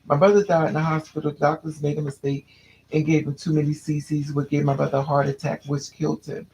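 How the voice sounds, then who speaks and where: A man's voice: on the high side, level tone, quick pace, creaky, a little mellow, slight background noise, rough recording. A man telling a personal story to a listener, candid and restless, often repeating and restarting his phrases.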